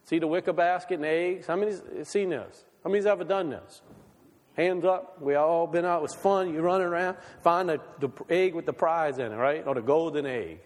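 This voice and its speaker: A man's voice: a little high, moderate pace, long reverb tail. A male pastor giving a conversational sermon, asking the congregation many questions.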